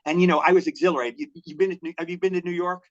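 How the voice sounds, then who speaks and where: A man in his sixties from Maryland, telling long animated anecdotes as an interview guest, often repeating himself. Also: sits high, very fast, dull audio. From Maryland, USA. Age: 60s. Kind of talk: storytelling interview.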